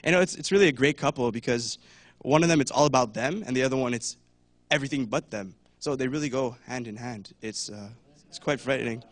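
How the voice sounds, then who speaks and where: A man's voice: medium pitch, fast, no echo. A young man giving a casual talk at church, chatty, with many fillers, and acting out voices now and then. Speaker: church speaker.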